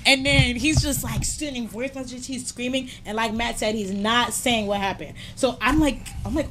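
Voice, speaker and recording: A young woman in casual chat, telling an expressive story and acting out what others said. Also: fairly high pitch, moderate pace, few pauses, a little hiss or hum. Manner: expressive, acts out quotes with laughter. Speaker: panelist.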